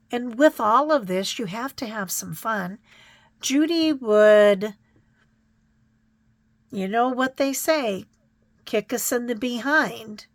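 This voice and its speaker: A middle-aged woman chatting gently to her viewers in a crafting vlog, reflective and a little choked up, with many pauses and restarts. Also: mid-range voice, gravelly, dry recording. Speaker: crafting vlogger. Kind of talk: casual chat to viewers.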